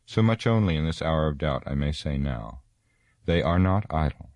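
A man voicing a wise, ancient elf lord who speaks gravely and with sorrow. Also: very deep voice, lively intonation, moderate pace, darkish tone, no echo. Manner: grave, lofty, sad.

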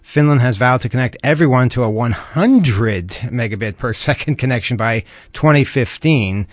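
A man's voice: medium pitch, lively intonation, normal speed, dry recording. Man hosting a podcast, dry close sound. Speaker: podcast host. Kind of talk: casual chat, reading news items.

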